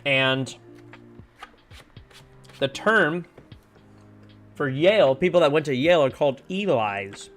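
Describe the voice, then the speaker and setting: Streamer muttering through puzzle clues, mid-pitch voice, faint music behind. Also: expressive, slow pace, long pauses, a bit bright. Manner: muses over word clues, trails off with "I don't know". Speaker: livestreamer playing a puzzle game. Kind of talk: casual thinking aloud while solving puzzles.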